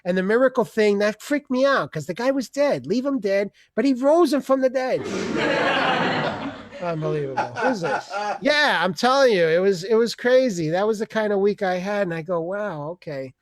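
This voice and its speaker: A man's voice: high-pitched, lively intonation, no echo. Male open-mic host, loose rambling comedy rant, profane, dry close sound. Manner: rambling, profane, with quick voice changes. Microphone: video call.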